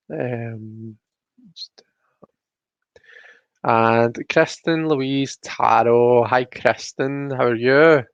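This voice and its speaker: Male stream host, gravelly, chatty, dull dry home-mic sound. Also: mid-range voice, no echo. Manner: chatty, greets viewers by name, reads chat aloud. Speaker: livestream host. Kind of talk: casual live-stream chat.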